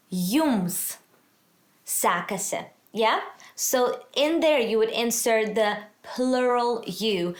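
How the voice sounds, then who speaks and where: A woman with a fairly high voice gives a casual language lesson, sounding encouraging and a bit self-deprecating as she slows down to model each word. The room is echoey.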